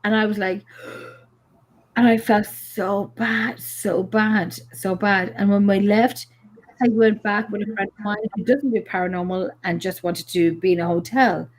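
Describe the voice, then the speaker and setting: An animated Irish woman who hunts the paranormal tells casual stories on a live show, swearing and filling gaps with fillers. She keeps a measured pace in a mid-range voice.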